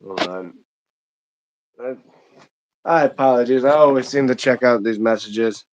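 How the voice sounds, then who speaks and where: Rambling streamer from Michigan. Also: male voice, mid-range voice, a little slow, highs cut off. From Michigan, United States. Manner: rambling, chatty, many fillers and restarts. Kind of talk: casual live-stream chat while gaming.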